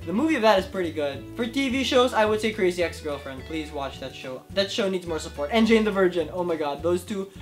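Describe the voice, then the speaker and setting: A man in his twenties answering viewer questions to camera, excitable and gushing, with faint music behind. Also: high voice, a little fast, hardly any pauses. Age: 20s. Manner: excitable, gushing, lively swings in loudness. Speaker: YouTube creator. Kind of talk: casual Q&A vlog to camera. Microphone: camera in front of him.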